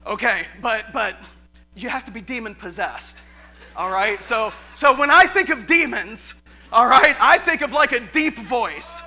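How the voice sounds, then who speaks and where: A male pastor preaching a lively sermon in a church. He often repeats his words and laughs. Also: very high-pitched, measured pace.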